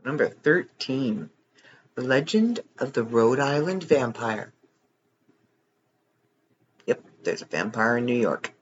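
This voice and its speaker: Male reader, casual, wry asides, animated pitch, slightly muffled home recording. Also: takes it slowly, long pauses, slight background noise. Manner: joking, reads text then adds wry comments. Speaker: reader of online articles. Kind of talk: casual reading aloud with asides.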